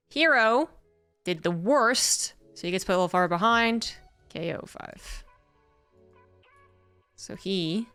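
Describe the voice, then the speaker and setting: Male caster for an explainer video: bright, clear voice, loose chatty delivery, faint music behind. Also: sits high. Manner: chatty, self-correcting, walks through diagrams. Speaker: esports caster.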